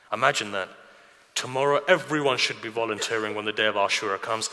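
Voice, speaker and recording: A man's voice: mid-range voice, fairly quick, pauses often, sharp tone. A man delivering a narrative sermon at a mourning gathering, telling the story with emotion and asking rhetorical questions. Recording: reverberant hall.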